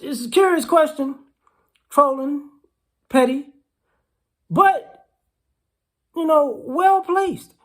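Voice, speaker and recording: A woman with a fairly high voice talks to camera in a loose, rambling vlog. She teases her listeners and circles back over the same phrases again and again. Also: husky. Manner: teasing, rambling, repeats itself. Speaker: vlogger. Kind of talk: casual commentary.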